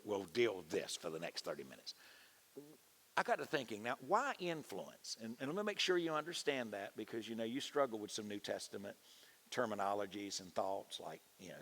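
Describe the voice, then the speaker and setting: A middle-aged man, preaching folksy sermon stories at a conference. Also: husky. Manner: folksy preaching, swings from low mutters to soaring shouts. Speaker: pastor.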